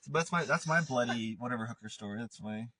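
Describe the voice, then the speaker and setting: A man's voice: medium pitch, fast talker, bright, forceful tone, no room sound. A man hosting a podcast, telling a rambling story with lots of laughs and acted-out quotes. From Italian Scottish family. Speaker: podcast host. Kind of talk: casual chat, storytelling.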